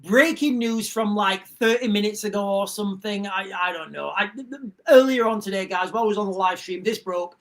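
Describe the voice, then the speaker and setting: A man's voice: sits high, fairly quick. A man hosting a live stream, ranting casually in a rambling way, repeating himself and cutting off his own sentences. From England. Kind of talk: casual livestream rant.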